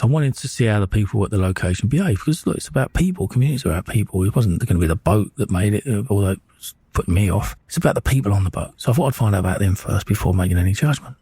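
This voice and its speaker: Male narrator, candid and rambling, casual swearing; low, mellow, husky voice, dry. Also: no room sound. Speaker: narrator of own experiences.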